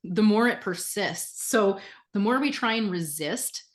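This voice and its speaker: A woman's voice: medium pitch, expressive, measured pace. A woman speaking as an interview guest in a candid, casual conversation, frank and often laughing, with the odd swear word.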